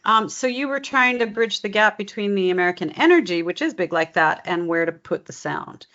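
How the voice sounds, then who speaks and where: A woman from California coaching an actor on accents, explaining patiently and encouraging often. Her voice sits in a middling pitch. The recording has a muffled, lo-fi quality. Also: lively intonation, a little fast, fairly bright tone. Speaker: dialect coach. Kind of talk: one-on-one coaching session. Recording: dull lo-fi recording.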